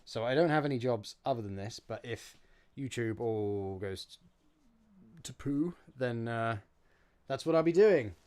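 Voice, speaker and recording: A man's voice: mid-range voice, animated, a little slow, darkish tone, clean tone. A young man chatting casually on a live stream while building props, reading out chat and joking about his own mess. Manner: chatty, self-mocking, reads chat aloud and answers.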